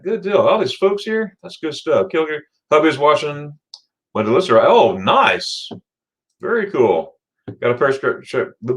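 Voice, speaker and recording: Middle-aged male livestream host, chatty and upbeat, mid-pitched voice, greets viewers with sudden excited jumps. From Florida, USA. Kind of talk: casual livestream chat reading viewer comments.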